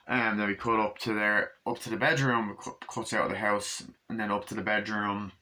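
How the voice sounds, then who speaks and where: A man's voice: fairly low pitch, steady tone, a little fast, few pauses, sharp tone, slight background noise. A man recapping a movie in a casual, rambling way, swearing often and acting out scenes with sound effects. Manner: rambling, profane, full of sound effects and impressions. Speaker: movie reviewer.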